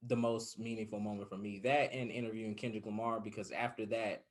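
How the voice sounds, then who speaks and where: Animated low-voiced man telling stories. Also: brisk. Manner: animated storyteller, excitable. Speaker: podcast guest. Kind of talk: casual interview chat.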